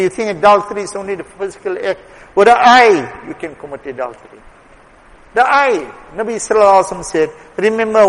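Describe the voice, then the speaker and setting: A man preaching a sermon with emphatic exhortation, dropping to quiet asides and rising to forceful appeals. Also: high-pitched. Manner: emphatic, swings between soft asides and raised exhortation. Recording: long hall reverb.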